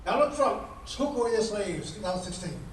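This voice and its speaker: A man's voice: sits high, expressive, fairly quick, a little hiss or hum. A man giving a fiery political speech at a dinner, with an emphatic, preacher-like cadence and strings of repeated rhetorical questions. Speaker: guest speaker at a political dinner. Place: banquet hall. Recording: echoey hall from far off.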